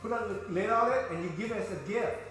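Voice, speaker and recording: A playful, talkative man walks his viewers through a recipe in his home kitchen. His voice sits a little high and sounds bright and forceful. The kitchen is very echoey, and faint music plays underneath. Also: fast talker. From Vietnam. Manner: chatty, playful, talks to viewers as boys and girls. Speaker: home cook host. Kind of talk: casual cooking demonstration.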